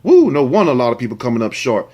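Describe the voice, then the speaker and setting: A man's voice: mid-range voice, wildly swooping pitch, rapid-fire, warm tone. Man riffing crudely on a news story. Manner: crude, joking asides between reading news lines. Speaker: host. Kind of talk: comedic news commentary.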